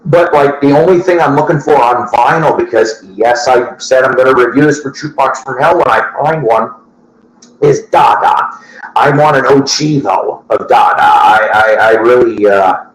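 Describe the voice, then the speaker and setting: At a normal speed and medium pitch, a man hosting a record-collecting show rambles casually to his viewers. He chats loosely, cursing and laughing at his own asides, in an echoey-sounding room.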